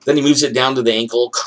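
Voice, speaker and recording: Man telling a story with animated quoted dialogue. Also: mid-range voice. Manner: chuckles while telling; frequent fillers like "you know" and "like". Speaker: storyteller recounting a personal experience. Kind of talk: casual spoken storytelling.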